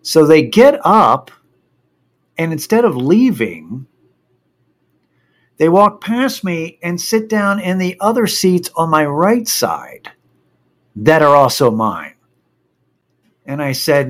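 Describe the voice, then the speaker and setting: A man casually telling a personal anecdote, animated and profane as he gets worked up. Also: fairly high pitch, takes it slowly, long pauses.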